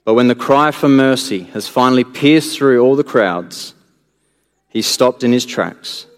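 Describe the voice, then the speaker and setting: Earnest preacher in a reverberant hall. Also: male voice, measured pace. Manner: earnest, rising emphasis then dropping low and soft. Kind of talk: sermon.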